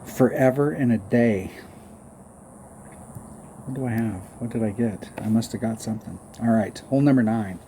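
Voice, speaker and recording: A man's voice: on the low side, normal speed, long pauses. A man giving rambling, self-mocking casual commentary on a mobile golf game while humming little tunes, recorded with audible background noise.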